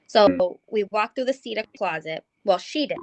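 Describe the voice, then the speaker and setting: Woman guest, paranormal investigator, halting ghost story full of ums, dry close sound. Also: medium pitch, animated, gravelly, no echo. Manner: hesitant, many ums and restarts. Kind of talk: recounting a ghost story in conversation.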